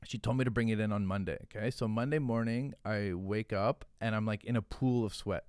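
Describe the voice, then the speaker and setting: Male podcast guest, low register, animated profane storyteller, dry close mic. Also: fairly quick, clean tone, dry recording. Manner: animated, profane, filler-heavy, "like" every few words. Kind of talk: casual storytelling.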